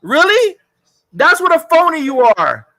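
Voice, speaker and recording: Man, very high-pitched, profane rant, heated, mocking, live stream co-host. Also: wildly swooping pitch, a little slow, pushed and bright, low-quality recording. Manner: crude, heated and mocking, laughs at his co-host.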